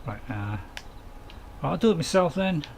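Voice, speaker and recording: A man's voice: on the high side, lively intonation, normal speed, vocal fry, darkish tone, a little hiss or hum. A man, casually commenting on a farming game while streaming and chatting to viewers in a rambling, self-mocking way.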